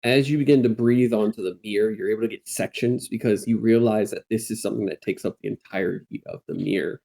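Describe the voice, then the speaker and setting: A man running a tabletop game as dungeon master, calmly describing scenes and calling for dice checks. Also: lowish voice, fast talker, creaky.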